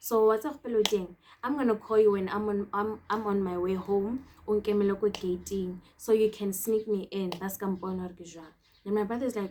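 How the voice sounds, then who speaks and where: Woman, 20s, South African accent, animated storytelling, vlog. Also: mid-range voice, brisk, slight background noise. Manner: animated, code-switching storytelling. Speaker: vlogger.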